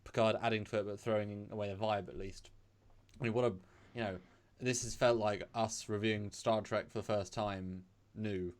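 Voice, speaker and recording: A man's voice: on the low side, fairly even intonation, normal speed. A British man co-hosting a casual chat show, rambling with many fillers and restarts. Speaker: podcast co-host.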